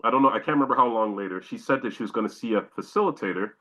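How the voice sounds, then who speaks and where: A man's voice: medium pitch, expressive, racing, sharp tone, low-quality recording. A man from Canada, a podcast guest, telling a long personal story and acting out his own exclamations.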